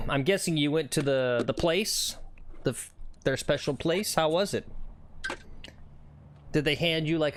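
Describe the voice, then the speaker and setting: A man's voice: a little high, moderate pace, fairly bright tone. A man hosting a casual golf livestream, reading viewer comments aloud and joking, laughing often. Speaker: livestream host running the chat and camera. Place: outdoors on a golf course.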